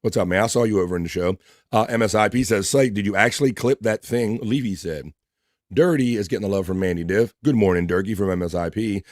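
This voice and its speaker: This is a man with a lowish voice hosting a laid-back livestream. He reads chat messages out one after another and throws in quick greetings and crude asides. The sound is dry and close, with no room around it. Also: no room sound. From East Coast of the United States. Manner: reads viewer messages aloud with running shout-outs, loose and profane. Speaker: livestream host reading chat.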